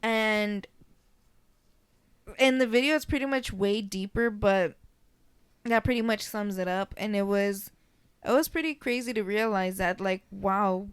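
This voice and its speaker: A young woman co-hosting a casual podcast, telling stories in a chatty, animated way with plenty of swearing. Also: mid-range voice, a little slow, pauses often, clean tone, no room sound. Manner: chatty, profane, animated storytelling. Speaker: podcast co-host.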